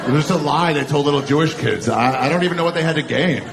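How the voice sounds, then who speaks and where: A man's voice: on the high side, very fast, gravelly, noisy background. A man in his forties doing a crude, conversational stand-up set on a comedy club stage with a handheld mic. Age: 40s. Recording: live comedy set with loud crowd laughter.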